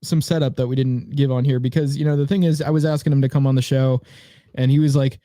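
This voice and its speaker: A man's voice: medium pitch, level tone, fast, mellow, no room sound, studio quality. A young man co-hosting a podcast in casual chat, rambling with fillers and laughing often. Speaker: podcast co-host.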